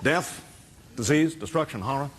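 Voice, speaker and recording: A male comedian doing an overdramatic impression of a starship captain, with halting, overemphatic delivery. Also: medium pitch, animated, loud music behind the voice, lightly acted. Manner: halting, overemphatic, laughing through lines.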